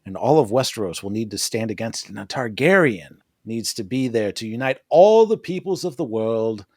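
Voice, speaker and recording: Casually recapping a TV episode on a podcast he co-hosts, this man curses, jokes and laughs frequently. He has an expressive mid-range voice and a moderate pace, recorded at studio quality without echo.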